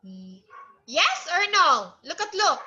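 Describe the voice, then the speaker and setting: Woman, English tutor for young kids; high, lively pitch, drawn-out delivery, coaxing repetition. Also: highs cut off, slight background noise. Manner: slow, repetitive, coaxing questions; imitates animal sounds. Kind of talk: online English lesson for a child.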